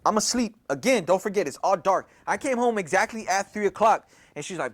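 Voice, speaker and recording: A young man with a high voice tells a story casually, full of slang and swearing. He retells it in an animated way and keeps repeating himself. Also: brisk, few pauses.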